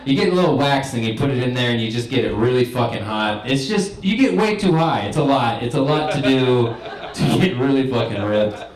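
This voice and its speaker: In a comedy club, a young man does a stand-up set, rambling through stories in a laid-back, stoner style. His mid-range voice has lively intonation and a fairly quick pace, captured in a rough recording with room echo and crowd noise.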